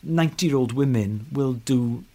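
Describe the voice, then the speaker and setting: A man's voice: mid-range voice, measured pace, mellow, slight background noise. A man co-hosting a podcast, telling stories in a casual, enthusiastic way and laughing often. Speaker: podcast co-host. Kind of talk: casual chat.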